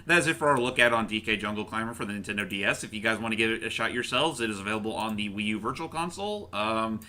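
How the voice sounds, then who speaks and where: A man's voice: lowish voice, quick pace, bright, forceful tone. A man hosting a casual video game review chat, rambling and correcting himself as he goes. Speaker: host.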